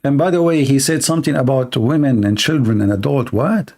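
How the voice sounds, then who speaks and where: A man hosting, giving heated commentary on a clip, blunt and scornful and quick to insult. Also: mid-range voice, a little mellow. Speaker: host commenting on a video clip.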